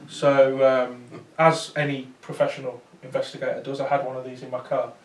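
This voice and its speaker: A man's voice: mid-range voice, little pitch movement, a little fast. Man, chatty storyteller, ums and restarts, distant mic, roomy sound. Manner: chatty, anecdotal, many fillers and restarts. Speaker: paranormal investigator giving a talk. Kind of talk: storytelling talk to an audience. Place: talk venue with small audience.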